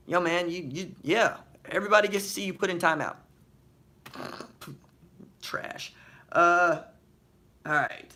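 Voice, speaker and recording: A man hosting a live stream, reading viewer questions from the chat aloud and answering them with slangy, animated banter and rapid rhetorical questions. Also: high-pitched. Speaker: podcast host.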